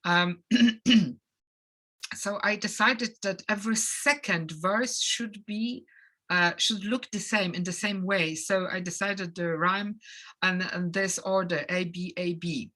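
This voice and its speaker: A woman from Poland with a Polish accent, giving an academic lecture in English as a non-native speaker, pausing often with fillers and restarts. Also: medium pitch, steady tone, sharp tone. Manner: hesitant, many fillers and restarts. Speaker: conference lecturer.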